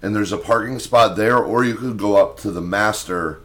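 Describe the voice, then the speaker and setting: A young man with a lowish voice co-hosts a casual podcast, telling a mishap story full of swearing. He jumps into loud, animated bits when he acts out his own past lines. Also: moderate pace. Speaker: podcast co-host.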